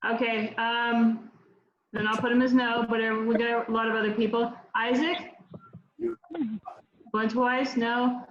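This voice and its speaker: Slow woman calling roll on a roomy call. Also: on the high side, flat delivery. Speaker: board secretary calling roll. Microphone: video call. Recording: roomy, muffled call with faint noise.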